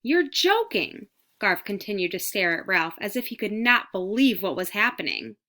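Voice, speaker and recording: Bright-voiced woman reading a children's book. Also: mid-range voice, normal speed. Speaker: audiobook reader. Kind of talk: storybook narration.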